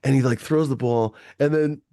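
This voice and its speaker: A man's voice: mid-range voice, moderate pace, dry recording, clean studio sound. A man telling a long personal anecdote in casual chat, swearing freely and full of fillers. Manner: profane, animated anecdote-telling with many fillers.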